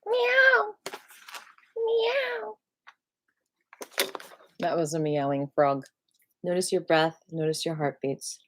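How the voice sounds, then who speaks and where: Playful upbeat woman leading a qigong class. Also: low-pitched. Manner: upbeat and playful, breaks into squeals of excitement; slow, soft guided cues. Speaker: qigong teacher. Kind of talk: live-streamed class, casual and guided.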